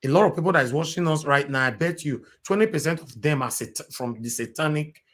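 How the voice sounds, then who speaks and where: A man's voice: on the high side, brisk, a bit bright. Impassioned Nigerian man hosting a livestream. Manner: impassioned, mixes Pidgin English, pleading. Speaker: livestream political show host. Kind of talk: casual livestream talk with callers.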